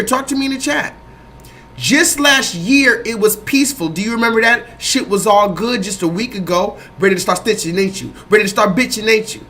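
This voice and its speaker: A man hosting a livestream, talking loosely and profanely to his chat in a rambling, animated way. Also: extremely high pitch. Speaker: livestream host. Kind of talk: livestream commentary.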